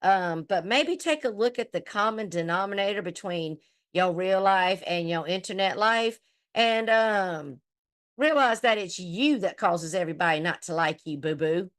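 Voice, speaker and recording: A woman's voice: fairly low pitch, lively intonation, normal speed. Blunt, foul-mouthed middle-aged woman. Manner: blunt, profane, trash-talking. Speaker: host. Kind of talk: casual commentary chat.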